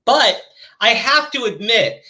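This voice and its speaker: A man's voice: very high-pitched, sing-song, slow pace, bright, forceful tone, low-quality recording. A man hosting a livestream, chatting casually and joking with lots of swearing and laughter. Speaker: stream host.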